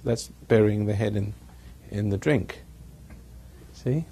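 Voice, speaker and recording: A man's voice: lowish voice, slow, mellow, husky. A man giving a rambling talk to a live audience, chuckling at his own jokes as he tells stories. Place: evening gathering with an audience.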